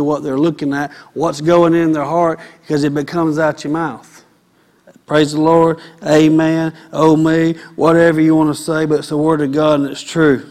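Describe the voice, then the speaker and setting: A preacher with a notably high voice delivers his sermon. He swings from quiet asides to loud, fiery exhortation. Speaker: pastor.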